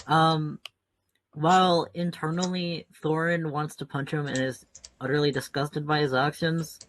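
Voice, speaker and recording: A man's voice: on the high side, level tone, unhurried, a bit bright, low-quality recording. A man playing a tabletop game, chatty and self-aware about his character. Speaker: player. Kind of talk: casual tabletop play.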